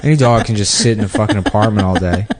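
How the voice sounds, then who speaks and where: A man in casual podcast banter, telling crude stories in a deadpan, mocking way. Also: fairly low pitch, fast. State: short on sleep. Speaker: podcast co-host.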